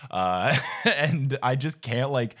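A man hosting a podcast, talking casually about a book, animated and laughing often. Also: medium pitch, slow. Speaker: podcast host.

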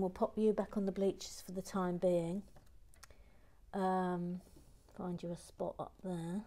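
A woman hosting a casual livestream, reading viewer comments in a playful, chatty way and dropping into quiet muttered asides. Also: on the low side, flat delivery, unhurried, pauses often. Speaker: livestream host building a toy set.

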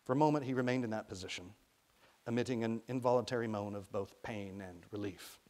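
A man from Arkansas, an author reading his own fiction aloud in a lively, expressive way. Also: fairly low pitch, a little fast.

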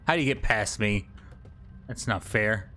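A man's voice: on the low side, expressive, measured pace, pushed and bright. A young man commentating a game, joking at an on-screen baby and yelping now and then. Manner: joking, talks to the baby, bursts into laughs and yelps. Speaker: gameplay commentator. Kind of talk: let's play commentary.

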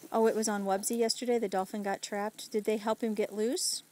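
This mother's voice sits mid-range with little pitch movement, a bit fast and slightly mellow, caught on a rough recording. Filming her small child outside in the backyard, she chats playfully and coaxingly, full of doting laughter, the way you would in a home video.

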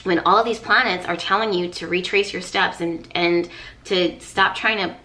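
A woman talks straight to her viewers through an astrology reading, earnest and coaching, often restating a phrase to press a point home. Her voice sits a little low for a woman yet sounds clear and bright. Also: fairly even intonation, normal speed. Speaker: astrologer and tarot reader. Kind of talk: casual spoken astrology reading.

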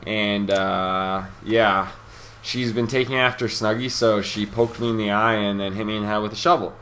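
A young male gaming commentator speaks at a moderate pace in a lowish, steady voice that still sounds fairly bright, over a little hiss or hum. Brash and bragging, he swears freely and rambles through casual gameplay commentary, full of fillers and restarts.

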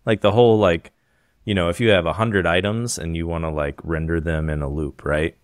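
Man, podcast co-host, very low pitch, dry close sound, relaxed explaining. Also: brisk, smooth, no echo. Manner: relaxed, explaining with many fillers. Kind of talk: casual tech chat.

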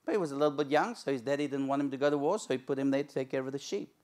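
Animated storytelling male preacher. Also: mid-range voice, rapid-fire. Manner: animated storytelling, acts out shouting crowds. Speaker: pastor. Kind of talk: sermon. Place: church.

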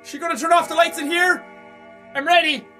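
High, jumpy, swearing male gamer. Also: steady tone, a little fast, recorded from a distance, soft background music. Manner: jumpy, swearing, shouting when scared. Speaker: gamer playing a horror game. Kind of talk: let's play commentary.

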